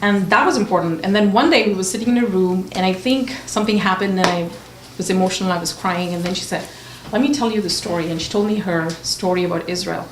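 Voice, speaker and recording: Woman, panel speaker, animated storytelling, distant mic, echoey room, background noise. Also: medium pitch, fast, few pauses. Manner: animated storytelling, acting out quoted friends. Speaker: author on a panel. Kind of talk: panel discussion.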